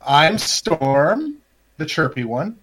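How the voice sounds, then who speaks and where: Male podcast co-host, goofy teasing banter, voice a touch high. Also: very animated, takes it slowly, a crowd in the background. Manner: teasing, goofy, swears casually. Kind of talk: casual chat.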